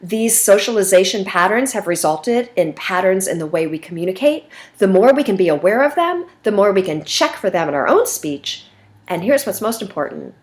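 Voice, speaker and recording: A woman's voice: medium pitch, very animated, moderate pace. A middle-aged woman teacher giving a recorded lecture in a conversational way, with frequent fillers. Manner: conversational, with fillers and slide references.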